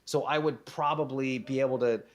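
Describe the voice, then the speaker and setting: A man's voice: medium pitch, steady tone, a little fast. A man guesting on a podcast, giving casual conversational advice with frequent fillers and restarts.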